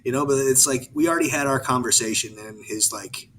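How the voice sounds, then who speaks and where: A man co-hosting a podcast, rambling in casual chat with many halting restarts. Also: medium pitch, a bit bright, slight background noise, rough recording. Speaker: podcast co-host.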